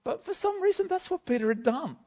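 A man's voice: extremely high pitch, big pitch swings, brisk, warm tone, dull audio, full character voice. A man giving a first-person sermon in character as a cheerful, chatty apostle, talking to a congregation in a school gym. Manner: chatty, self-deprecating, bubbly. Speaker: guest speaker.

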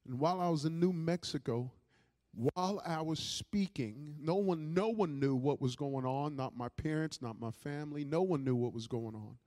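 A middle-aged man preaching a personal testimony as a pastor, impassioned and repeating words, swinging from loud to hushed. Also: a little high, moderate pace, in a large hall. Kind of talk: testimony sermon.

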